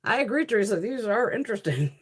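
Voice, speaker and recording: A woman's voice: medium pitch, sing-song, quick pace, husky. A woman chatting casually while swatching makeup, profane, laughing often and answering viewers' comments. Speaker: beauty haul host.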